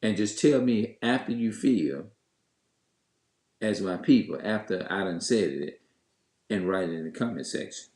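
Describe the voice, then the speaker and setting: A man's voice: fairly low pitch, animated, measured pace, long pauses, a little mellow. A man telling viewers a story in a heated, cursing rant, stopping and restarting often. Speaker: vlogger. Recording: echoey room.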